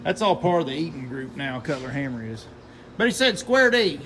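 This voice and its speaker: Folksy rambling man, slightly high voice. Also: very animated, brisk, very noisy. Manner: rambling, folksy, chuckles often. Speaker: logger and mill worker vlogger. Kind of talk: casual chat vlog.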